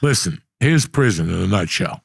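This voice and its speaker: Casting: middle-aged male podcast host, gravelly and husky, swearing storyteller, dry close sound. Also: low-pitched, animated, normal speed, no room sound. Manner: profane, rambling storyteller. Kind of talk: casual storytelling chat.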